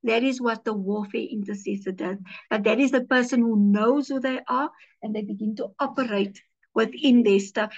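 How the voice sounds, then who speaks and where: A woman pastor preaches with lively storytelling, slipping into the voices of the people she quotes. Her voice sits a little high for a woman's. The audio is muffled and lo-fi. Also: moderate pace. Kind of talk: teaching sermon with personal stories.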